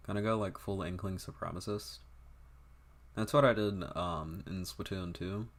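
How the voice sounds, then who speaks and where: Very low-voiced young man chatting offhand. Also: steady tone, normal speed. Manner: rambling, profane, offhand. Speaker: game streamer. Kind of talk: casual livestream chat.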